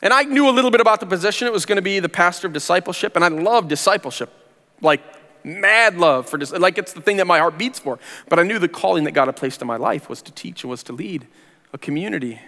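A pastor in his forties tells his own story from the pulpit, earnest and conversational, dropping casual slang. His voice is bright and forward and sits a little high. Each word carries a long trailing reverb through a large church hall. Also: expressive, fast. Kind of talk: personal testimony sermon.

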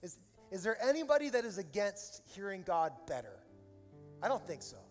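Animated high-voiced pastor preaching in a hall. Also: male voice, moderate pace. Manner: animated storytelling, rising to loud emotional peaks. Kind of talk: sermon. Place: large church hall with live audience. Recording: reverberant hall with soft music behind.

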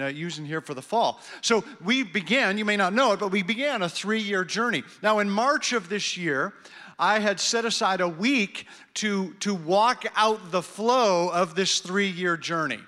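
A male pastor with a high, bright voice preaches brisk and earnest, hurrying to fit in his last points. His words ring with long reverb through a church hall. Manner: brisk, earnest, rushing against the clock. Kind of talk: sermon.

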